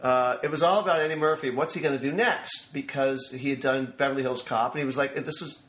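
Man in his fifties telling animated anecdotes. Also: medium pitch, brisk, roomy sound, a little hiss or hum. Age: 50s. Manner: animated storyteller who acts out quotes. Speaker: screenwriter guest. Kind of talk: anecdotal storytelling interview. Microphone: studio microphone.

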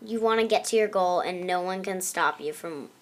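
A woman's voice: on the low side, moderate pace. A teenage girl interviewing a guest, eager and playful in her questions. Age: teens. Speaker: young interviewer. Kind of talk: casual interview chat.

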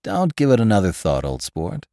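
Eager, reassuring young wealthy host, read by a man; low and lively. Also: normal speed, no room sound, studio quality.

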